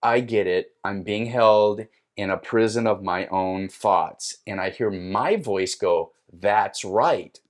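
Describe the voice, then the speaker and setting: A man guest on a podcast, telling a personal story in a casual, animated way and acting out his own lines. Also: on the low side, slow, hardly any pauses.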